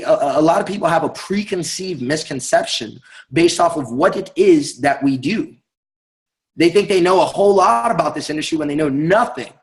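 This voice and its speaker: A young man giving an energetic motivational sales talk, emphatic and fond of tagging lines with "right?". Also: fairly high pitch, poor audio. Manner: energetic, emphatic, repeats words and asks "right?". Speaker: network marketing speaker.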